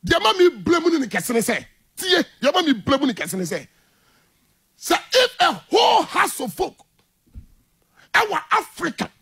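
Indignant Ghanaian coach, very high voice. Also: male voice, measured pace, vocal fry, pauses often. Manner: animated, indignant, mixes English and Twi. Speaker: football coach. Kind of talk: heated radio interview.

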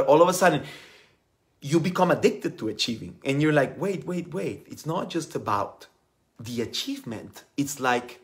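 A man gives a motivational spiritual teaching talk in a voice pitched a little high that swings freely up and down. He sounds animated and playful, and he repeats his phrases for emphasis.

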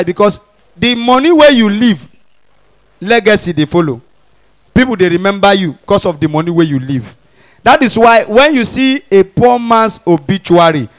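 High-voiced Nigerian comedian in Pidgin. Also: male voice. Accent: Nigerian Pidgin English. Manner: animated, mimics characters, shifts between Pidgin and Yoruba. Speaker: stand-up comedian. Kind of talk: stand-up comedy. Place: stage in front of a live audience.

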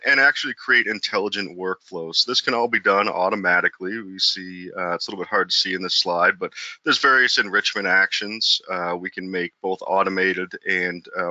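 A man presenting a software demo over slides in a webinar, with a hesitant delivery full of fillers. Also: deep voice, no room sound. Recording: dry, dull lo-fi webinar audio.

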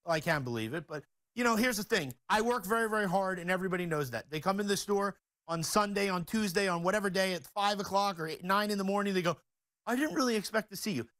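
A man with a high, bright-pitched voice delivers a jokey, boastful sales pitch at a rapid clip. He speaks as a store owner guest on a talk show and keeps up the salesman's energy, with loud, punchy emphasis.

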